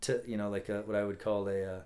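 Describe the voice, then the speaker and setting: A man's voice: fairly low pitch, flat delivery, fast, dark tone. A man from California, a guest on a podcast, talking casually with many restarts and fillers. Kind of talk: casual chat.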